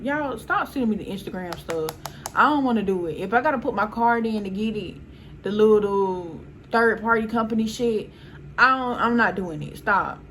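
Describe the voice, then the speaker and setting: A young woman, telling a storytime in a casual, animated way, swearing and often quoting people. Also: mid-range voice, a little hiss or hum. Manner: animated, swearing, laughs often, quotes people in quick bursts. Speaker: storyteller vlogger.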